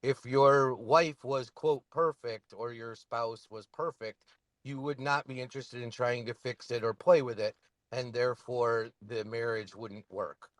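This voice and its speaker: A man's voice: mid-range voice, steady tone, measured pace, a bit bright, dry recording. A man calling in to a casual chat, rambling and using many fillers. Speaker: caller.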